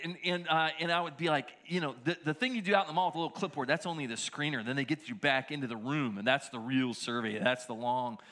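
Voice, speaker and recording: A middle-aged man preaching a sermon as pastor, telling stories with animated bursts and frequent restarts. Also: fairly high pitch. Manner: storytelling, animated, shouting quoted lines.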